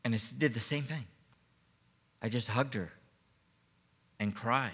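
A man's voice: medium pitch, a little slow, a bit bright, breathy edge. A man preaching a sermon as pastor, telling a personal testimony with emotion and stumbling repeats. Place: church sanctuary. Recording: long reverb of a church hall.

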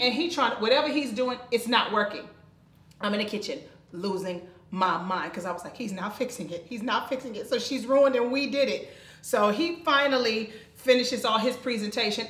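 Animated woman, roomy echo. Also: fairly high pitch. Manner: animated, dramatic retelling with loud shrieks. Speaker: podcast co-host. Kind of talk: casual storytelling. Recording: echoey room.

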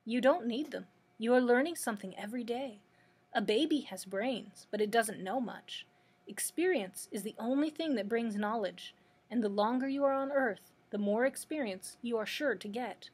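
A woman's voice: on the high side, moderate pace, breathy edge. A woman reading as an old, meek humbug wizard. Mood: reassuring. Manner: confessing, gentle storytelling delivery.

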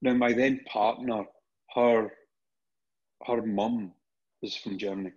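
Casual storytelling comes from a middle-aged Scotsman appearing as a podcast guest, his husky, low-leaning voice moving slowly. He restarts often and repeats words through animated anecdotes, captured in dull lo-fi podcast audio.

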